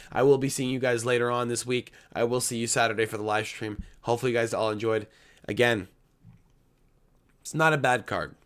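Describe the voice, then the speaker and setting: A man's voice: fairly low pitch, a bit bright, clean tone. A man hosting a casual fight predictions vlog, talking late at night in a blunt, rambling, profane way. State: late at night, blowing his nose. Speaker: MMA fight predictions host.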